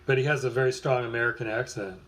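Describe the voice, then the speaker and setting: A man's voice: mid-range voice, steady tone, quick pace, a bit bright. A man co-hosting a podcast in casual chat, easygoing and often chiming in to agree. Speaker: podcast co-host.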